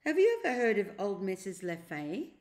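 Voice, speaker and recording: A woman reading a storybook aloud and voicing a scheming elderly uncle who speaks in a slow, coaxing, secretive way. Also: medium pitch, very animated, a little mellow, lightly acted. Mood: sly.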